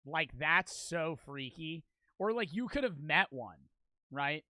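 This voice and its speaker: A man hosting a reaction video, talking in a rambling, excitable way and often laughing. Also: fairly high pitch, slow pace, dry recording. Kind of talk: casual reaction commentary.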